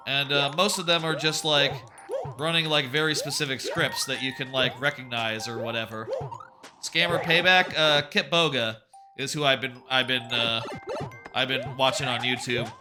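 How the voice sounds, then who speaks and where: A young man chats casually while playing a game on stream. His voice sits a bit high, and his talk wanders as he swears offhandedly and repeats words whenever he restarts a thought. Game music plays clearly behind him.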